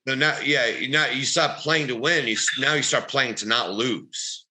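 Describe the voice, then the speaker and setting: A man co-hosting a casual podcast, telling rambling, animated stories and swearing. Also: medium pitch, moderate pace, rough recording. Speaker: podcast co-host, bodybuilder. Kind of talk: casual podcast chat, storytelling.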